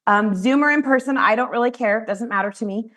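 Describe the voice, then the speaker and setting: A woman's voice: on the high side, fairly quick. A woman and financial advisor teaching colleagues how she runs client meetings, talking directly and acting out what she says to clients. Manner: animated, direct, acts out client conversations. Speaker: financial advisor training peers. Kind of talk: training talk to colleagues.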